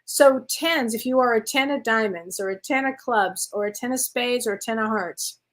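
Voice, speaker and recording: A woman's voice: on the high side, moderate pace, a bit bright. A woman hosting a live-stream show of psychic readings, chatty and rambling, calling viewers honey and sweetheart. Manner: rambling with frequent restarts and self-corrections. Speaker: psychic medium host.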